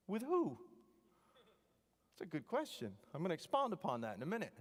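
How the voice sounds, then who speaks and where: A man, an engineering professor, giving a joking, animated devotional talk to students, full of wry asides. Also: fairly high pitch, normal speed. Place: chapel hall. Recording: long hall reverb.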